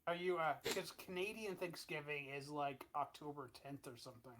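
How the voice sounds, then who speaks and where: A man playing in a tabletop role-playing game, talking in halting bursts full of fillers. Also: fairly high pitch, noisy background. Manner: halting, lots of fillers and restarts. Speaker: player.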